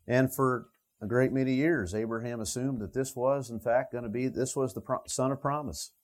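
A man's voice: mid-range voice, fairly even intonation, moderate pace, a little mellow. A man preaching a Bible sermon, talking it through with the listeners in a conversational way. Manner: conversational, thinking aloud with the listeners. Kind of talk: expository sermon.

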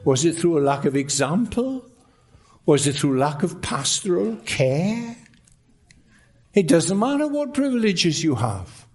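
A man preaching a sermon, emphatic, with rising exclamations and lines that drop to a hush. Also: on the high side, sing-song, measured pace.

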